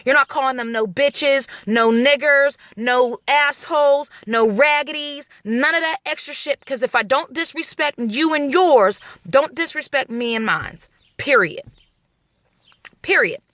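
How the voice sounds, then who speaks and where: A mother vents straight into the camera, blunt and heavy with profanity and hard emphasis. Her voice sits high and sharp, and the recording is dry and close with no room sound. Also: no room sound. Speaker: vlogger, mother.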